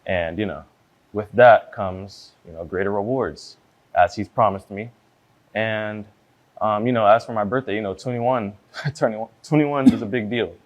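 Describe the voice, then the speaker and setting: Quiet, rambling young man in court. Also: moderate pace. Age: 20s. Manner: hesitant, rambling with many fillers; quiet, low-voiced. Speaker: plaintiff in court.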